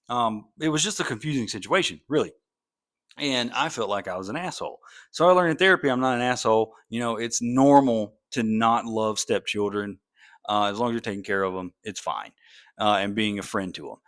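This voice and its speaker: A candid man telling a personal story straight to his listeners, with a middle-pitched voice. He talks frankly and unpolished, full of fillers and self-corrections. It sounds like relaxed, personal podcast talk. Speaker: podcast host.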